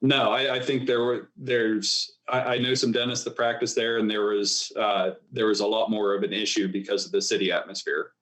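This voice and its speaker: Give me a relaxed, hesitant male dentist guest answering questions. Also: fairly low pitch, normal speed, hardly any pauses. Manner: relaxed, hesitant, frequent restarts. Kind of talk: casual interview chat.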